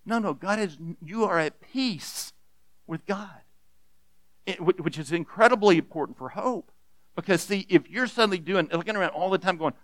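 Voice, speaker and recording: Man preaching a sermon, high voice, earnest, stammering restarts, loud then hushed, dry close sound. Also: expressive, moderate pace, dry recording. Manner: earnest, repeats words when restarting, swings between loud emphasis and hushed softness. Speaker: pastor.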